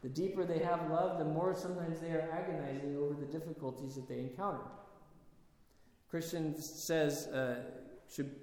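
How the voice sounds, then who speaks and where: A man giving a sermon, telling stories in a halting, conversational way with many restarts. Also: fairly high pitch, dark tone. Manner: storytelling, halting with restarts and fillers. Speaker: preacher. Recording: echoey hall with long reverb.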